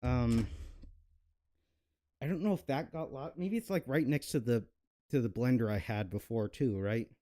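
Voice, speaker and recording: Young guy cooking and rambling, mellow low-key voice, lots of ums. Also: normal speed, pauses often. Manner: rambling, self-mocking, many fillers. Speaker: cooking channel host. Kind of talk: casual cooking vlog chat.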